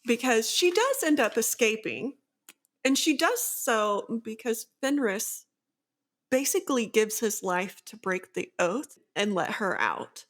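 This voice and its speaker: Co-hosting a casual book podcast, a woman retells a fantasy plot as a long, eager run of events, leaning on "like" and "so" in an easy, unscripted way. Her voice sits on the high side, and she takes it slowly.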